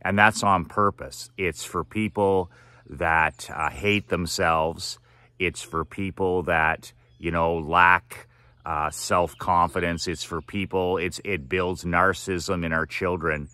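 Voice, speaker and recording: A man's voice: deep voice, fairly even intonation, slow, pushed and bright, no room sound. A man giving a direct-to-camera motivational monologue, emphatic and repetitive with a preachy tone. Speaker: motivational speaker.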